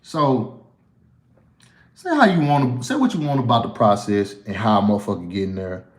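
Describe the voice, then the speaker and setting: A man's voice: medium pitch, animated, normal speed, echoey room. A man with a Southern US accent answering viewer questions in a casual livestream, blunt and profane, rambling with frequent restarts.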